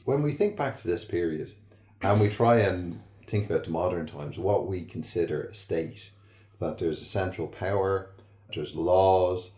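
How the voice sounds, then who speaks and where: Man, very low voice, podcast host, measured questions, echoey room. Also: a little mellow. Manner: measured, posing open questions. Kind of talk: interviewer questions. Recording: roomy echo.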